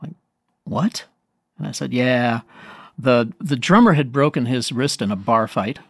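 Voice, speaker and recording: A man's voice: mid-range voice, lively intonation, a little fast, creaky, slightly rough, dry recording. Man, saxophonist guest, storytelling, rambling, self-deprecating, chuckling, dry room. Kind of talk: anecdotal storytelling in conversation.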